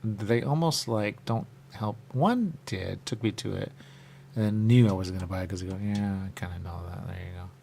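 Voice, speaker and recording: A man hosting a radio talk show in rambling casual chat, often jumping into quick high voices to act out what people say. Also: animated, creaky, a little mellow, slight background noise. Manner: rambling, acts out quick high-pitched quoted voices, repeats "there you go".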